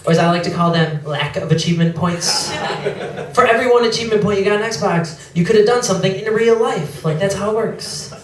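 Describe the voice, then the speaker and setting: Young male stand-up comic, sheepish and apologetic, heard from a distance in a reverberant room. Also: high voice. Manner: self-deprecating, apologetic asides, quick mimicry of others. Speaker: stand-up comedian. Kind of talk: stand-up comedy set. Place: comedy club stage. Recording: echoey club, mic heard from afar, crowd laughter. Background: audience laughing.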